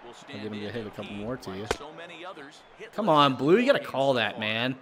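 A man casually commenting on his own baseball video game as he plays, swearing and yelling at bad pitches, then talking himself back to calm. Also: moderate pace, a crowd in the background. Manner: swears and yells in bursts of frustration, then talks himself calm. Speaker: gaming video creator.

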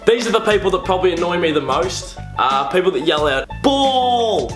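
A young man with an Australian accent, mocking sports fans in a comedic vlog monologue with exasperated, quick-fire delivery. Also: sits high, animated, reverberant, over music. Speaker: comedy vlogger.

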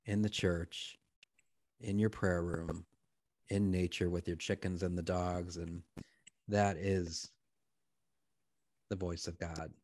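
Deep-voiced gentle priest. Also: male voice, flat delivery, dry recording. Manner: gentle, affirming, slow and reflective. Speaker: priest hosting a live prayer program. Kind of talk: pastoral conversation.

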